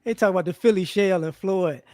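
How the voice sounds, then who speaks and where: Animated high-voiced man arguing boxing. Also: brisk, dry recording, studio quality. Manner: animated, rhetorical, acts out quoted people. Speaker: co-host. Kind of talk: casual debate about boxing.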